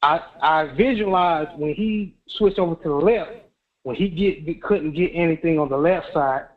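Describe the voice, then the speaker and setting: A man's voice: fairly high pitch, moderate pace. Rambling male caller on a tinny phone line. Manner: loose, rambling, slangy. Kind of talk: casual sports chat.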